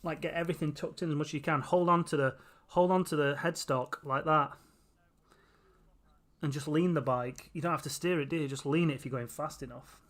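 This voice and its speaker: Tired guy live streaming, chatty and laughing a lot, bright forceful voice, a bit high. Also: fairly even intonation, fairly quick. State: tired, runny nose. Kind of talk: casual live-stream chat.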